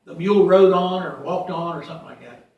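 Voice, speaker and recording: Man, preacher, high voice, reads scripture aloud, loud then quiet, big church echo, distant mic. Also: fast, creaky, dull audio, slight background noise. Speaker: pastor. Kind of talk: sermon. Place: church sanctuary. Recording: echoey church from far off.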